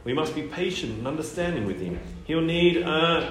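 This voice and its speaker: A man's voice: fairly high pitch, lively intonation, moderate pace, reverberant, background noise, pitched above the performer's own voice, close to an everyday voice. A man voicing a fussy, caring hyena mother in a storybook reading. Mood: fussing.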